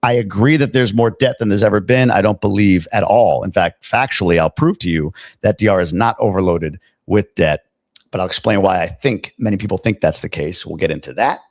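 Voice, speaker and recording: A man's voice: low voice, fairly quick, dry recording, clean studio sound. Chatty man hosting a live stream. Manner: chatty, reads out viewer comments, jokey asides. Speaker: livestream host. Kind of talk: casual live-stream chat.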